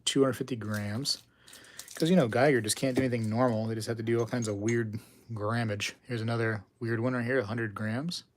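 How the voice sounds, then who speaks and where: A man's voice: mid-range voice, fairly even intonation, fairly quick, slight background noise. A man hosting a coin livestream, rambling and joking with viewers in casual chat. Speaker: coin channel host.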